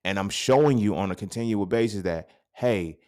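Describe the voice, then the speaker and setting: A man in his thirties hosting a podcast, talking in a casual, profane monologue that swings into sudden loud outbursts. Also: lowish voice, normal speed. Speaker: podcast host.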